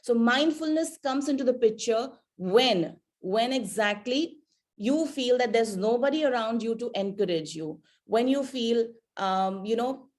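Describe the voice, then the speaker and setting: Woman keynote speaker talking to teens, slightly high voice, chatty and full of questions to the audience. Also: animated, a little slow, a little mellow. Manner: conversational, asks the audience questions, frequent fillers. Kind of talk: motivational talk to teenagers.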